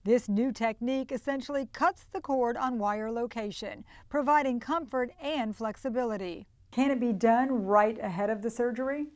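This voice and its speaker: A woman's voice: a little high, moderate pace. A woman hosting a newspaper video news show, reading scripted segments in a polished anchor manner. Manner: polished, even anchor delivery. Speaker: news host.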